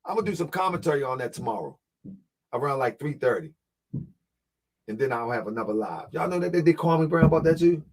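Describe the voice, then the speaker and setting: A man's voice: medium pitch, big pitch swings, fast talker. A man hosting a casual livestream, talking in loose slang, laughing often and repeating a catchphrase. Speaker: livestream host. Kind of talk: casual live-stream chat.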